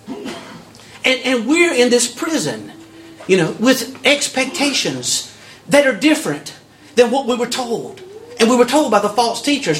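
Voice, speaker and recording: A man preaching a sermon in a lively, storytelling way, often repeating words as he builds up. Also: very high-pitched, unhurried. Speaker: pastor.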